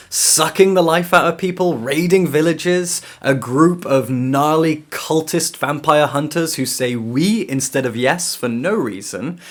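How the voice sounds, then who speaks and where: Sarcastic, animated male book reviewer. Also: fairly high pitch. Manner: animated, sarcastic, swearing, laughing between remarks. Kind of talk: casual book review vlog.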